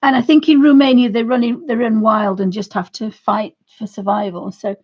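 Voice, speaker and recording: A croaky woman in her fifties rambles casually to her viewers from a home art studio. Her voice sits a little high but sounds mellow and husky, and the recording is dull and lo-fi. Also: fairly even intonation, normal speed. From United Kingdom. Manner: chatty, rambling, talks fondly to her dog. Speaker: art livestream host. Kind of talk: casual chat to viewers and pets.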